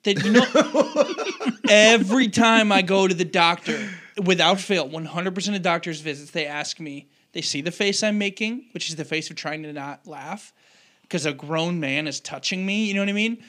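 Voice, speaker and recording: A man's voice: high-pitched, moderate pace. A man who is a pastor, joking around in casual chat. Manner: joking, animated.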